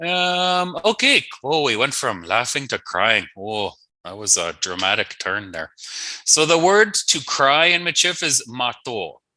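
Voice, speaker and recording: A male teacher walks through a language lesson at an unhurried pace, repeating each new word twice and tossing in playful asides. His voice is bright and lively, swinging up and down, and the recording is dry and close. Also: medium pitch, no echo, rough recording.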